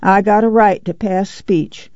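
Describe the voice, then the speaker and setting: A reader voicing a proud, fierce poor woman, speaking in a bitter, hoarse way. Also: medium pitch, fairly even intonation, a little slow, a little mellow, no room sound, lo-fi sound, voice pushed up, lightly acted.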